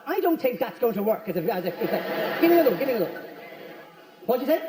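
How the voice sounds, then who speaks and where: A man doing a stand-up routine, riffing quickly with the crowd in a large venue. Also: extremely high pitch. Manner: rapid, animated, riffing with the crowd. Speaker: stand-up comedian. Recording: echoey hall from far off.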